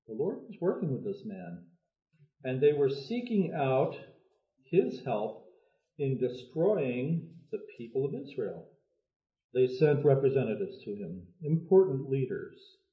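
A man preaching a sermon, telling a story in a measured, thoughtful way with many pauses. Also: mid-range voice, sing-song. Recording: echoey, phone-like lo-fi sound.

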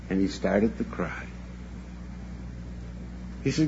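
Slow, earnest older man preaching. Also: lowish voice, creaky, dark tone. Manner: slow, earnest storytelling with halting repeats. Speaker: preacher at a church convention. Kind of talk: sermon. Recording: dull lo-fi recording with faint hum.

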